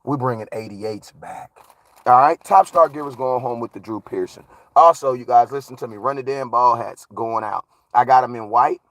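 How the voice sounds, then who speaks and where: A man's voice: normal speed, no room sound. Hyped man hosting a live stream. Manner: hyped, swings from low mutters to loud shouts; slangy, repeats catchphrases. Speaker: livestream host. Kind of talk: casual live-stream chat with viewer shout-outs.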